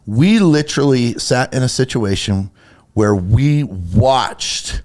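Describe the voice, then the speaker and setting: A man's voice: medium pitch, slow pace, a little mellow. A man co-hosting a Christian talk show, getting heated and emphatic as he acts out little quoted conversations. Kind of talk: casual faith talk, preachy.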